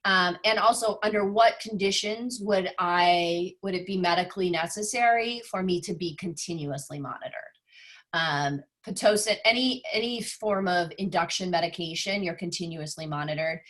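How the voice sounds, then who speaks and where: A woman's voice: fairly low pitch, normal speed, fairly bright tone. A woman doula on a video call, explaining practical points step by step. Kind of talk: casual group chat.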